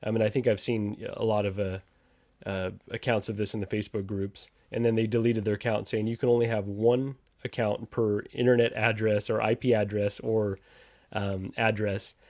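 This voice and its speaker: A man's voice: on the low side, little pitch movement, moderate pace, darkish tone, dry recording, clean studio sound. A man hosting a casual livestream chat, reading out viewer comments and trading sarcastic jabs with a laugh. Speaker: podcast host reading live chat.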